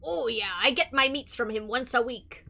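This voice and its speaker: A woman voicing a gruff older male boatman with a put-on pirate-like drawl, reading game dialogue aloud. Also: a little high, normal speed, bright, forceful tone, heavily acted. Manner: gruff, folksy, drops grammar.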